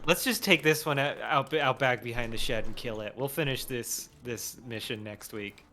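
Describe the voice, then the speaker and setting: A man's voice: mid-range voice, normal speed, pushed and bright. A young man co-streaming a game, teasing his partner in dry, casual chat.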